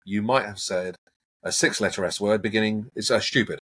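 Husky man coaching in interview. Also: lowish voice, fairly quick. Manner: animated, coaching, acts out examples. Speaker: hypnotherapist guest. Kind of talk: casual interview chat.

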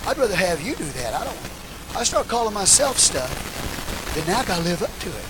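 A man preaching a sermon, swinging between shouted call-and-response lines and low, quiet asides to the congregation. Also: very animated, brisk, noisy background. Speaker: pastor.

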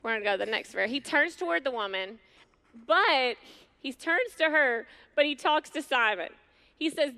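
A middle-aged woman preaching a sermon to women, earnest and conversational, with slow, emphatic pauses. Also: sits high, animated, sharp tone. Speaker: women's ministry speaker.

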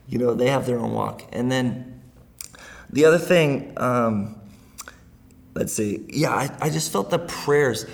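A man's voice: mid-range voice, gravelly. A middle-aged man speaking as a guest in a casual interview, earnest and rambling, often laughing as he talks.

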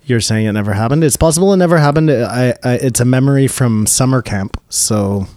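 A man's voice: mid-range voice, a little fast, warm tone, dry recording. A man chatting and joking on a podcast, his voice sitting in the middle of the range. The sound is close and dry, with no room around it. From Canada. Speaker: podcast co-host. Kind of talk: casual podcast chat. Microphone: studio headphones and mic.

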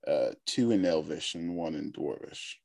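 A man playing a tabletop game, speaking deliberately. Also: a bass voice, animated, creaky, darkish tone, no room sound. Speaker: player. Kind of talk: tabletop game role-play.

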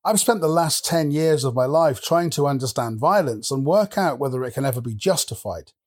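A man hosting a podcast, giving a calm, earnest narration and outro. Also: fairly high pitch, fairly quick. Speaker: podcast host.

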